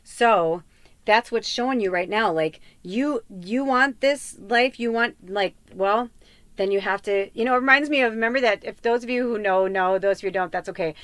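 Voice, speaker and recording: A middle-aged woman, a tarot reader, hosts a casual tarot podcast in a mid-range, slightly bright voice at a moderate pace, with no echo. Her talk rambles warmly and heartfeltly, full of fillers and asides.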